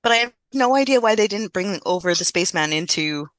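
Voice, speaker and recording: A woman's voice: medium pitch, animated, a little fast, a bit bright, no room sound. A woman co-hosting a podcast, casually recapping a film plot with lots of fillers. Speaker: podcast co-host. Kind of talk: casual movie review chat.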